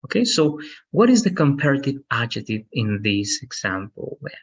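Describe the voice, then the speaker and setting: Male english tutor, patient and upbeat, kinda husky, muffled lo-fi audio. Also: mid-range voice, big pitch swings. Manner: encouraging, patient, stresses words slowly to model pronunciation. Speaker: English teacher. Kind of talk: online language lesson. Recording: dull lo-fi sound.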